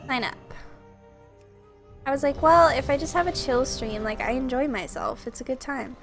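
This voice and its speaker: A woman's voice: sits high, animated, moderate pace, over music. A young woman from Minnesota with a Minnesotan accent, chatting and giggling casually as she streams a video game. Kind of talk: casual chat while playing a video game.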